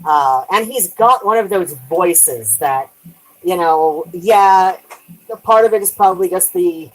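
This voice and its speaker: Low-voiced rambling woman streaming chores. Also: unhurried, rough recording. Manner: rambling, trailing off, light swearing. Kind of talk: casual live-stream chat while washing dishes.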